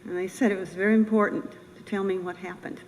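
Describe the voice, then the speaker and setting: An older woman giving a personal memorial speech as a bereaved military mother, earnest, halting and emotional. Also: medium pitch, steady tone, darkish tone. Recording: reverberant room with faint noise.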